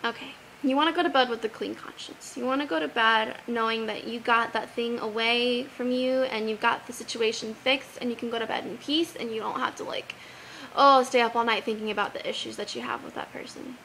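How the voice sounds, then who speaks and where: Young woman vlogging advice, high bright voice, earnest and animated. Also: brisk, vocal fry, a little hiss or hum, poor audio. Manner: earnest, animated, quotes Bible verses. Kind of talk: casual advice vlog.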